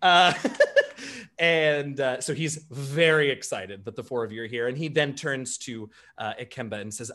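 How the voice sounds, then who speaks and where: A man's voice: medium pitch, measured pace, sharp tone. A man narrating as game master, chatty, with fillers and restarts.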